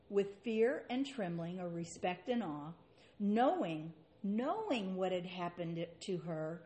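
Slow-speaking woman preaching a sermon. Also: mid-range voice, dark tone. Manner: slow, earnest delivery with rhetorical questions. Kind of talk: sermon with scripture reading.

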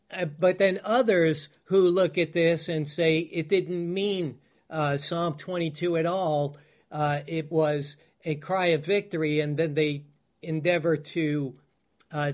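A man preaching a teaching sermon, unhurried, with many fillers and restarts and emphatic repetitions. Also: on the high side, steady tone.

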